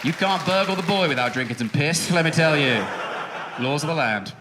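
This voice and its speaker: A man in his thirties doing a stand-up comedy set on a music hall stage, talking in a quick, sardonic way with sudden high outbursts. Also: animated, a crowd in the background, noisy background. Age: 30s. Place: music hall stage before a live audience.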